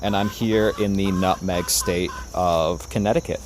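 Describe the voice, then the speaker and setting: A man from Japan chatting casually on a livestream about his chickens, recorded outdoors on a phone camera in a backyard, coaxing his birds in a soft sing-song. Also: low-pitched, a little slow. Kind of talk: casual live-stream chat. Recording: outdoor phone recording with steady background noise. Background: chickens clucking, insects chirping.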